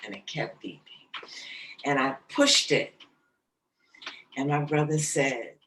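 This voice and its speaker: A woman guest in an interview, telling a personal story in a slow, halting, emotional way. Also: sits low, expressive, fairly bright tone, far from the mic, rough recording.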